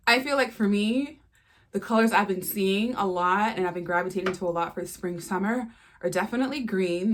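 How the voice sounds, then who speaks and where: A woman in her twenties chatting casually and excitedly as she unboxes shoes, full of playful asides and filler words. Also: mid-range voice, slight background noise. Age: 20s. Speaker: fashion vlogger.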